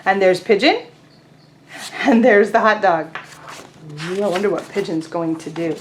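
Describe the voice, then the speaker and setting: A woman teaching young children in an online class, leading calendar time and storytime in a gentle, encouraging way. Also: mid-range voice, measured pace, pauses often, slight background noise. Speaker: preschool teacher.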